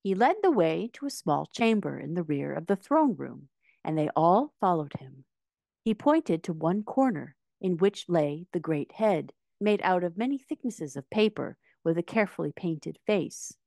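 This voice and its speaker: A woman narrating a children's classic aloud in an expressive read-aloud style. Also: on the low side, normal speed, creaky, no room sound, clean studio sound. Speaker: audiobook reader.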